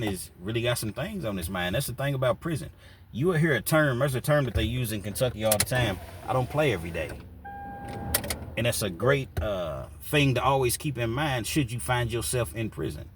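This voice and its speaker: A man telling a prison story in a loose, rambling way with lots of "you know, man", recorded from a distance with faint background noise. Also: medium pitch. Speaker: storyteller recounting prison life. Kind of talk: casual spoken storytelling.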